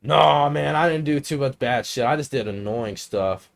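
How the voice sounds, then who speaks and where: A man's voice: mid-range voice, normal speed, gravelly. A man in his twenties, a podcast co-host, telling rambling, profane stories in casual chat and laughing often.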